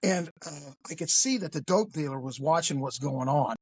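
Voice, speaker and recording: A man's voice: fairly high pitch, moderate pace, darkish tone, husky, no room sound. A man telling a crime story in a casual, blunt, profane way.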